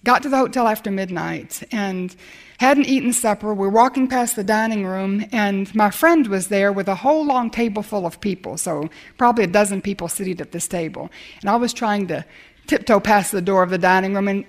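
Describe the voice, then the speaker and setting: A woman's voice: mid-range voice, brisk. An older woman preaching and telling a personal story, acting out the dialogue and laughing often. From America. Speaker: speaker telling a personal testimony. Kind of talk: sermon storytelling.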